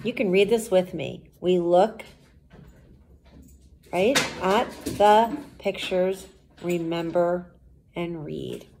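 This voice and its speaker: A woman teacher reads a storybook aloud to children in an unhurried voice. She stops often to explain what is going on in a patient, explanatory way. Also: lowish voice, darkish tone, a little hiss or hum.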